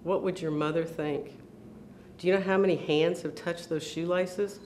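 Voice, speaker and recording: Brief: strict kindergarten teacher, sharp and disapproving, as a storyteller puts her on. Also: on the low side, fairly even intonation, normal speed, a little hiss or hum, lightly acted. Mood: scolding. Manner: sharp and reproachful. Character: stern female kindergarten teacher, scolding.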